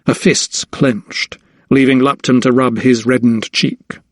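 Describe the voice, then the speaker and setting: A man narrating an audiobook in measured storytelling, his voice at a middle pitch. The sound is dry and close, with no room around it. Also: little pitch movement, dry recording. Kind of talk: scripted narration.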